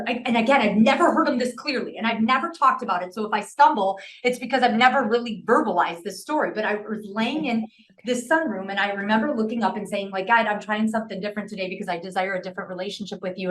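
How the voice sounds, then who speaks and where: A woman's voice: medium pitch, quick pace, fairly bright tone. A middle-aged woman telling a personal story in a casual interview, earnest and emotional, often restarting her sentences. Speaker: podcast guest.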